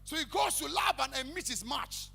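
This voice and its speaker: High gravelly preacher man. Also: moderate pace, soft background music. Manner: animated preaching that swings into shouted, sing-song calls to the congregation. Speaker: pastor. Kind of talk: sermon. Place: church hall. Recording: echoey church hall with faint hum.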